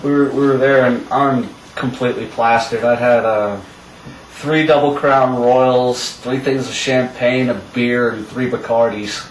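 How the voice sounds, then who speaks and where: A man's voice: medium pitch, fairly even intonation, unhurried. Young man, casual rambling storyteller, distant mic, faint hiss. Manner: rambling storyteller, laughs often. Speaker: co-host telling stories. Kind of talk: casual chat. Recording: echoey room, mic far off, faint hiss.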